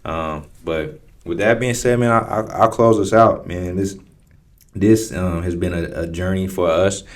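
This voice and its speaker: A man's voice: deep voice, a little slow. A man co-hosting a casual podcast, talking in a laid-back, rambling way with lots of fillers. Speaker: podcast co-host.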